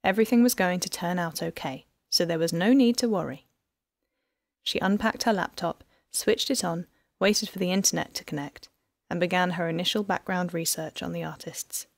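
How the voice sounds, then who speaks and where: In a dry, studio-quality recording, a woman with a lowish voice narrates an audiobook, delivering the scripted story evenly and at a measured pace.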